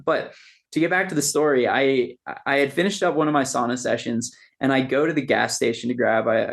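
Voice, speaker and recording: A man with a gravelly, mid-pitched voice tells long stories in a relaxed podcast conversation. He talks loosely and with energy, dropping "dude" and "man" into nearly every thought. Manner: animated storyteller, says "dude" and "man" a lot. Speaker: podcast guest. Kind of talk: casual podcast chat.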